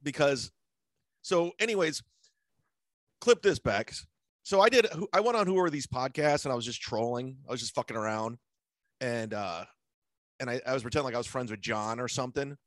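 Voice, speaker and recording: A man's voice: mid-range voice, normal speed, pauses often, fairly bright tone, dry recording. A man hosting a casual comedy podcast, telling stories bluntly with lots of swearing and mocking impressions of people. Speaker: podcast host.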